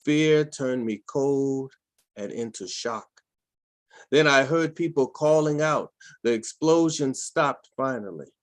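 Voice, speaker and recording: A man reading a poem aloud at an online open mic in a slow, solemn manner, on a home computer mic over a video call. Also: medium pitch, no echo. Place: home room, dry sound.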